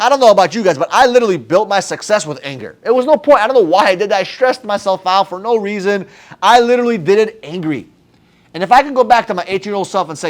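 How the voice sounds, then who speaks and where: A man giving an energetic, emphatic motivational talk to camera about advice to his younger self, with slangy phrasing. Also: sits high, fast. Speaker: sales business owner.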